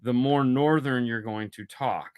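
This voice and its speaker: A man's voice: mid-range voice, unhurried, clear, resonant tone. A man co-hosting a casual podcast chat, telling stories and slipping into imitation voices. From Florida. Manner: animated storyteller, slips into imitation voices. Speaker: podcast co-host.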